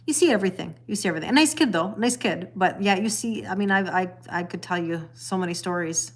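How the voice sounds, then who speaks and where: A woman's voice: lowish voice, fast talker. A middle-aged woman hosting a casual livestream, chatting to viewers and reading their comments aloud, laughing often and repeating her phrases. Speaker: tarot reader livestream host.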